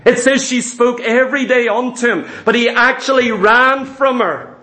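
A man with a very high voice preaches a sermon in a church. His talk is full of rhetorical questions to the congregation, and the sound rings around an echoey room. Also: moderate pace, pushed and bright.

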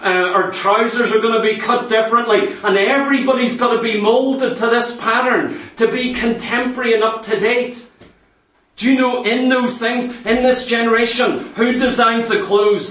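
A man's voice: extremely high pitch, a bit bright. A man preaching a sermon, pressing the congregation with emphatic rhetorical questions. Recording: echoey hall, mic far off.

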